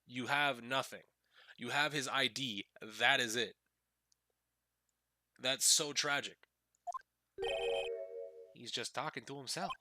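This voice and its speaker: A man's voice: mid-range voice, slow pace, long pauses. A man giving crude, joking commentary as host of a game playthrough. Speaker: let's play host. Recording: loud game music behind.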